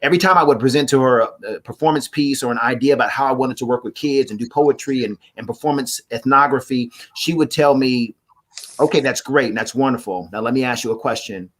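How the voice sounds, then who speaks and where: A man, a guest on a live talk show, telling stories about acting and family with big swings in pitch. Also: quick pace. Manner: animated, preacherly storytelling with wide swings in pitch. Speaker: guest, actor and playwright.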